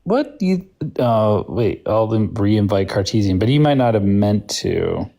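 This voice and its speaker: A man's voice: on the low side, animated, a little slow, creaky, dark tone. A man co-hosting a casual livestream debate show, blunt and teasing. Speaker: podcast co-host.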